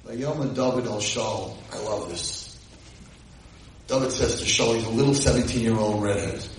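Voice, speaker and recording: A man giving a lively, dramatic Torah lecture, retelling and translating a story verse by verse, recorded from a distance in an echoey hall. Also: lowish voice, moderate pace, a little hiss or hum.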